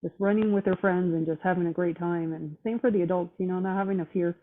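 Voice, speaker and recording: A woman's voice: lowish voice, fairly even intonation, fast talker. Woman on a tinny phone line. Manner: blunt, profane, fired-up talk. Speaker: roundtable guest. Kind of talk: casual chat.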